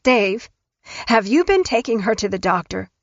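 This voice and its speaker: A woman's voice: mid-range voice, big pitch swings, moderate pace, no echo. A woman voicing a persistent, suspicious grandmother who presses with blunt questions, in an audiobook. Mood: confronting. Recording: dull, dry studio recording.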